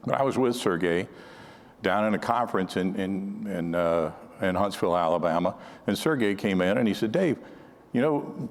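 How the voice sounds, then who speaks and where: An older man with a lowish voice gives a conference talk, spinning anecdotes in a loose, conversational way. His sentences often restart midway. The sound carries the long reverb of a large hall. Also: animated, normal speed. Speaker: conference speaker on counterintelligence. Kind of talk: storytelling talk to an audience.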